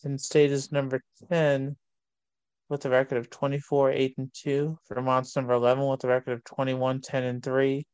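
A man, hosting a casual sports show and reading long lists of college rankings in a steady way. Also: medium pitch, moderate pace, clean tone, no room sound, lo-fi sound.

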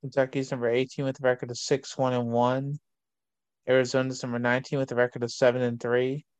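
Man reading sports rankings, flat delivery. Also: mid-range voice, fast talker, clean tone, dry recording. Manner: reads long lists of rankings in a steady, even delivery. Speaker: sports show host.

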